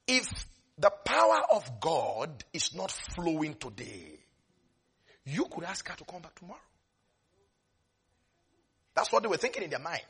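A man preaching a sermon with great animation, dropping to soft asides and rising to shouts as he acts out Bible scenes. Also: fairly high pitch, wildly swooping pitch, measured pace, vocal fry, pauses often, slightly rough.

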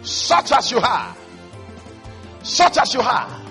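High bright-voiced preaching man. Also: takes it slowly, soft background music. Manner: animated, swinging from hushed to shouting. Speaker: pastor. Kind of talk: preaching sermon.

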